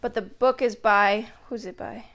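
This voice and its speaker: A woman's voice: fairly high pitch, fairly even intonation, normal speed, a bit bright, dull audio. A young adult woman hosting a children's story time, reading picture books aloud in an upbeat, chatty way and asking the kids lots of questions.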